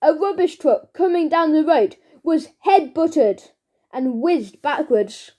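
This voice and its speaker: A woman narrating a children's storybook in an expressive, deliberate way. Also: high-pitched. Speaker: audiobook narrator.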